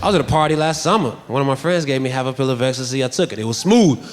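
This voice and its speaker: A man's voice: medium pitch, rapid-fire, faint music behind. A man comedian telling a stand-up story in a dry, understated way.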